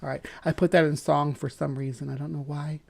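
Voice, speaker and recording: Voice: mid-range voice, flat delivery, fairly quick, creaky, darkish tone. Rambling livestream host commenting. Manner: rambling, corrects and qualifies points. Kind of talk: casual commentary reacting to a video.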